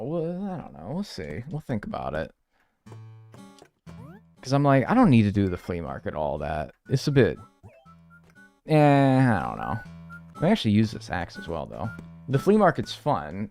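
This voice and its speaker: Lively rambling man commenting on gameplay. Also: on the low side, normal speed, pauses often, soft background music. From North America. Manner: rambling, joking, with sudden loud yelps. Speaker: streamer playing a life-sim game. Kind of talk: casual live gameplay commentary.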